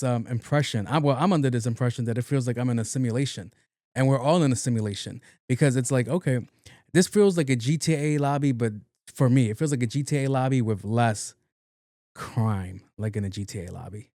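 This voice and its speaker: A man's voice: medium pitch, a little fast, a little mellow, dry recording, studio quality. A man hosting his own podcast in a casual, rambling, profane monologue, often repeating words playfully. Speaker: podcast host.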